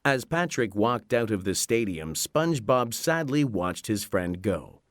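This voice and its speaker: A man narrates a children's storybook at an unhurried, deliberate pace. His pitch moves freely as he acts out the reading. The sound is dry and close. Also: no echo. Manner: slow, expressive reading. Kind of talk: scripted narration.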